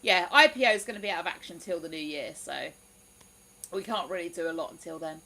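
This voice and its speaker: A woman's voice: lowish voice, lively intonation, brisk, vocal fry, pushed and bright, poor audio. A woman hosting a livestream, chatting casually and reading out viewer comments with frequent exclamations. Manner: chatty, exclamatory, lots of "ooh". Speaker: livestream host.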